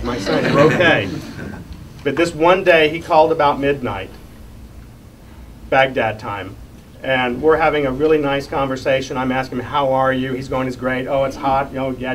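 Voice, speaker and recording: A middle-aged man, a congressional candidate, giving an earnest, emotional campaign speech and telling a personal story. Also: medium pitch. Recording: distant mic, faint room noise.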